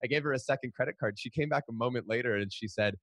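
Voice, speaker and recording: Middle-aged male guest, quick animated storyteller, dry close sound. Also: mid-range voice, no echo. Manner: fast, animated storytelling with frequent restarts. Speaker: guest, author. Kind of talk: storytelling in a podcast interview.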